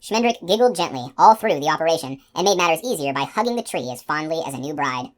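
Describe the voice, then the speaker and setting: Low-voiced woman reading a novel. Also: fast. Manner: steady, expressive reading. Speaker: audiobook narrator. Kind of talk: scripted narration.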